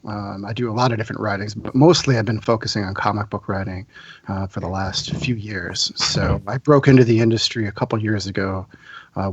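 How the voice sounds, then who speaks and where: A man's voice: lowish voice, breathy edge, no room sound, muffled recording. A man in his forties from central New York, a podcast guest chatting eagerly and telling stories. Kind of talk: casual chat.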